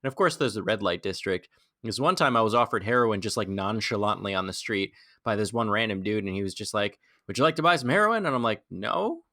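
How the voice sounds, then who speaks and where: A young man co-hosting a podcast, chiming in with quick jokes in casual chat. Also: fairly low pitch, sharp tone. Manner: quick joking interjections and frequent laughter. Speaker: podcast co-host.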